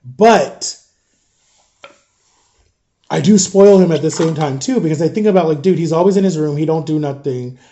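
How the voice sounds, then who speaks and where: Worn out and fed up, a thirty-something dad rambles to his followers in a storytime parenting vlog, dropping casual swears. His high but mellow, soft voice moves at normal speed with long pauses.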